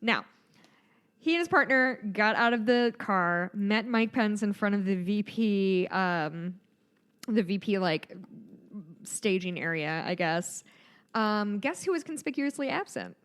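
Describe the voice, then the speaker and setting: A woman's voice: mid-range voice, expressive, unhurried, a bit bright, clean tone. A woman in her thirties, co-hosting a podcast, talks through stories in a casual, rambling way with plenty of fillers and laughs. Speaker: podcast co-host. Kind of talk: casual chat.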